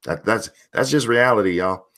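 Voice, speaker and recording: A man with a very low, deep voice hosts a casual livestream, reading out chat messages. He talks bluntly and swears freely, with loose conversational rhythm. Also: normal speed, fairly bright tone. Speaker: streamer host reading chat.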